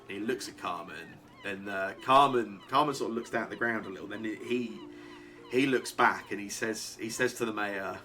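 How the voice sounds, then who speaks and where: A man narrating a tabletop game as game master, halting with many fillers. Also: fairly low pitch, pushed and bright, soft background music.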